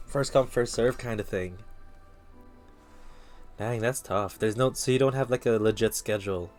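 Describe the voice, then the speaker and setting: A laid-back man streaming, chatting loosely with viewers in slangy, friendly asides. His voice sits somewhat low, with faint music underneath. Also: normal speed, long pauses, darkish tone. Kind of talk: casual chat with viewers.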